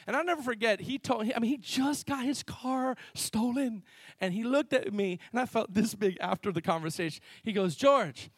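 Animated high-voiced male preacher. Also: fairly quick, no echo. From Miami. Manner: animated storytelling preacher, swings between loud bursts and quiet asides. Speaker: pastor. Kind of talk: sermon. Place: church.

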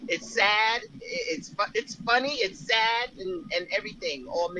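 A woman co-hosting a news show and commenting in an animated, exasperated way. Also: mid-range voice, unhurried, a little hiss or hum, low-quality recording. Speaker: co-host. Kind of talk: casual chat.

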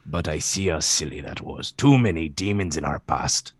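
Brief: scheming older tycoon, low voice with a lively lilt and a wobbly brogue, read by a man. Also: moderate pace, slightly rough, no room sound, exaggerated voice. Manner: theatrical, drifting in and out of the accent.

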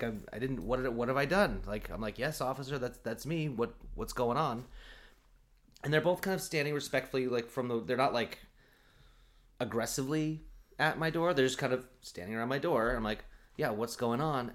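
A man casually telling a comic personal story, acting out the voices in his quotes and laughing often. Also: medium pitch. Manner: animated, acts out quotes, laughs often, many fillers.

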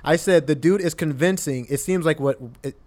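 A man's voice: on the high side, moderate pace, a little mellow. A young man co-hosting a casual podcast who insists on his point, repeating himself and swearing. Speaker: podcast co-host.

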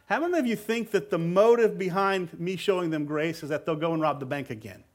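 This sermon comes briskly from a male pastor with a fairly high voice. Relaxed and conversational with the congregation, he also stresses key words heavily and says phrases again for emphasis.

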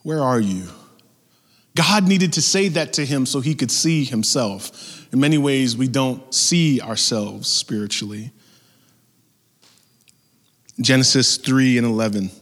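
A man's voice: medium pitch, a little slow, long pauses, a bit bright. A man preaching a sermon as pastor, emphatic and building with repeated phrases. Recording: long reverb from a large hall.

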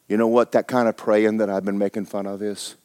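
A man preaching a sermon to his congregation. He reads and acts out scripture, fires questions at the crowd, and swings between low asides and loud exclamations. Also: level tone, a little fast. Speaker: pastor.

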